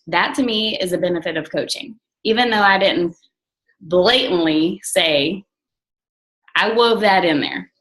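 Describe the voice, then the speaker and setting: A young adult woman leading a team call as a coach, talking in a blunt, excitable, casual way with lots of "like" and some swearing. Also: medium pitch, poor audio.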